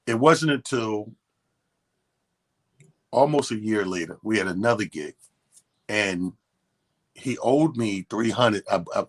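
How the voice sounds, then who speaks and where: A man's voice: medium pitch, creaky, fairly bright tone, slightly rough. A man co-hosting a radio show, telling a long, profane story in casual chat and acting out both sides of the quotes. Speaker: radio co-host. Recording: radio studio.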